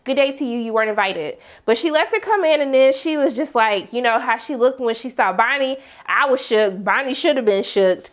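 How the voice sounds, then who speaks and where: A woman chatting casually as she recaps a TV episode, slangy and animated, acting out her own reactions. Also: high-pitched, normal speed, few pauses. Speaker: TV review vlogger.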